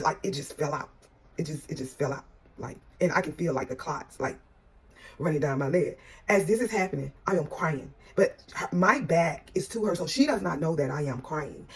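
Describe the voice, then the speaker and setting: A middle-aged woman telling a personal story to viewers in an emotional, repetitive way, calling them y'all. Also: fairly low pitch. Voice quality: gravelly, husky voice.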